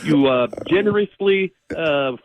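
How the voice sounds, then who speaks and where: A man calling in over the phone, putting on a fake Russian accent as a sly male Russian hacker who talks in deadpan broken English. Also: on the high side, a little slow, dry recording. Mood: mock-grateful. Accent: put-on Russian. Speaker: caller. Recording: tinny phone line.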